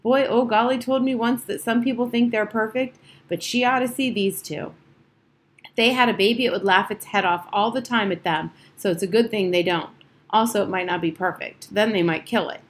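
A woman's voice: medium pitch, fairly quick, close to an everyday voice. A woman voicing a blunt, curious young girl writing frank notes, in an audiobook reading. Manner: frank, matter-of-fact.

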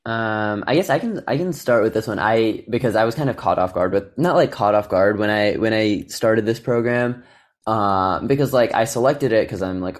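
A man's voice: on the low side, normal speed. A man in his twenties from the Chicago area, a student guest talking in a hesitant, rephrasing way. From Chicago area, USA. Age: 20s. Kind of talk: casual discussion.

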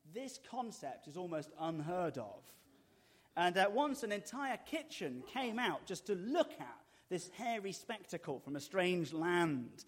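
Middle-aged pastor, higher-pitched voice. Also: male voice. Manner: storytelling with dry self-mocking humor. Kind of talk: sermon.

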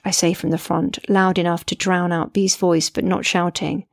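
A woman's voice: lowish voice, little pitch movement, normal speed, no echo, studio quality. A middle-aged woman, a mother, narrating her memoir in an earnest, reflective way.

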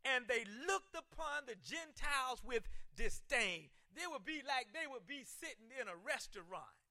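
High bright voice on a preacher guy, slow and dry, shouts the big lines. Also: no room sound. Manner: preaching with shouted emphasis and repeated words. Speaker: pastor. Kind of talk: sermon.

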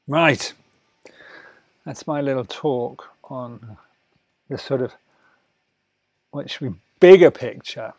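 A man teaching a relaxation lesson, talking slowly and soothingly, sometimes dropping to soft murmurs between louder asides. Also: mid-range voice, gravelly, no room sound. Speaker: wellness teacher. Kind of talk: guided talk on breathing and relaxation.

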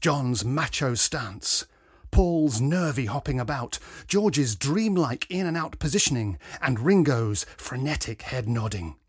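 Lively, expressive man reading a story. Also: medium pitch, a little slow, slightly rough, dry recording, studio quality. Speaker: narrator. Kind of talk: first-person story reading.

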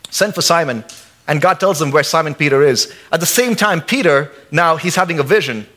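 A pastor preaching a lively sermon in church, acting out quotes and jokes. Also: male voice, on the high side, brisk. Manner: animated, acts out quotes and jokes.

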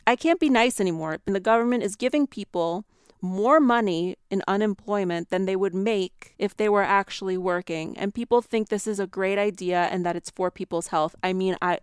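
Woman, podcast host, heated rant full of "like" and curses, smooth clear voice, close dry sound. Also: mid-range voice, normal speed, dry recording. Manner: angry ranting, swearing, many fillers. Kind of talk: solo podcast monologue. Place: New York.

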